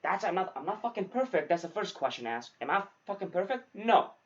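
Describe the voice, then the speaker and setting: Fast-talking young man, dull lo-fi sound. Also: high voice. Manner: swears freely, says dude often, animated storytelling. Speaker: podcast host, new salesman. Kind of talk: casual chat.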